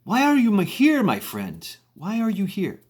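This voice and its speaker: A man's voice: huge pitch swings, moderate pace, exaggerated voice. A man putting on a sing-song Indonesian-accented old bar owner. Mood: curious. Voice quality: high, sing-song imitation. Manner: warm questioning, then firm refusals. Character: friendly wiry older man, bar owner. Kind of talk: storytelling impression.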